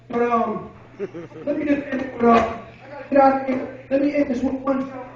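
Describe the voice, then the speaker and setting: A man's voice: very high-pitched, fairly even intonation, fairly quick. Casting note: man from Rochester doing stand-up, distant from the mic, dull lo-fi echoey room. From Rochester, New York. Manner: loose, profane, storytelling. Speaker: stand-up comedian. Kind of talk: stand-up comedy set. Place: café open mic.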